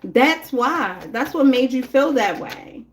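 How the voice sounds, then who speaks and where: A woman's voice: sits high, expressive, slow pace. A woman giving a casual live tarot reading, talking bluntly and chattily straight to her viewers. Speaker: tarot reader.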